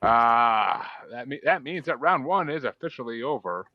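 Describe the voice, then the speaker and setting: A man's voice: medium pitch, animated, normal speed, no echo, highs cut off. A man hosting a podcast in casual chat, swearing freely as he runs the voting. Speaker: podcast host.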